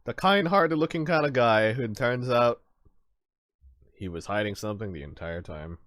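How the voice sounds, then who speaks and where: An excitable male streamer in casual chat about a game, cursing and laughing as he goes. His pitch jumps around a lot and the sound is close and dry. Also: moderate pace, no room sound. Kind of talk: casual let's-play chat.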